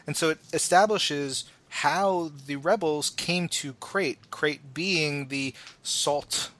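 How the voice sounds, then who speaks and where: A man's voice: a little high, takes it slowly, few pauses, a bit bright. A man co-hosting a podcast in casual chat, enthusiastic and rambling with many fillers. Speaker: podcast co-host.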